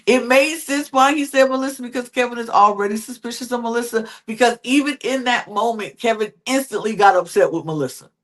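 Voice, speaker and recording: A woman's voice: on the high side, a little fast, few pauses. Emphatic young woman podcast co-host. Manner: expressive, emphatic storyteller. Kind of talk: casual reality-TV recap chat.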